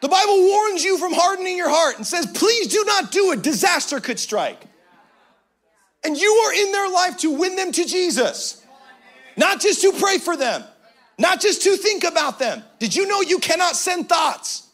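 A male pastor giving an energetic sermon in casual slang, bursting into shouts at times. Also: extremely high pitch, normal speed.

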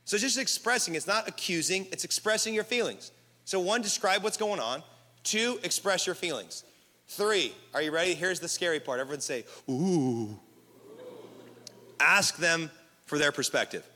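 A man preaches to a packed room, his voice bright and forceful, with a long reverb trailing each line through the hall. He talks casually and keeps the crowd involved, calling out for them to repeat after him. His pitch sits slightly high for a man. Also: moderate pace. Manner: energetic, leads the crowd in call-and-response. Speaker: pastor. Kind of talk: sermon. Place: large hall with live audience.

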